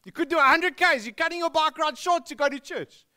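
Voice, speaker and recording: An incredulous South African cycling buddy, needling and skeptical, in a high, bright voice, as a preacher puts him on. He sounds pushy and disbelieving. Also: fairly quick, exaggerated voice. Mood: teasing.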